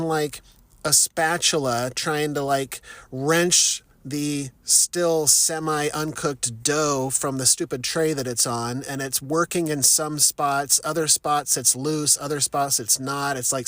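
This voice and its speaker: A middle-aged man casually telling a story, profane and animated, mocking himself and laughing often. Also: a little high, no echo. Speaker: vlogger.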